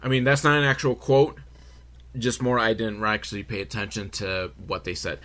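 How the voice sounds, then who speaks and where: A man's voice: on the low side, steady tone, normal speed, fairly bright tone. A man hosting a podcast, recapping a film in a rambling, sarcastic, foul-mouthed way. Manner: rambling, sarcastic, swears freely, makes noises for quotes. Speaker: podcast host.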